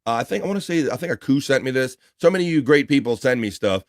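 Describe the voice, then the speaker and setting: A laid-back man with a Baltimore accent hosts a casual livestream, chatting loosely and reading viewer comments aloud. His voice sits at an ordinary middle pitch and sounds close and dry, with no room echo around it. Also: animated, fast talker. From Baltimore area, United States. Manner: easygoing, reads viewer comments aloud, laughs easily. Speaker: livestream show host.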